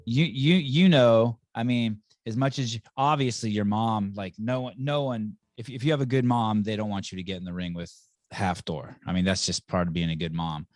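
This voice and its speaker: A man's voice: fairly low pitch, moderate pace, no echo, studio quality. A man hosting a podcast in casual chat, blunt and rambling, with frequent swearing. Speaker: podcast host.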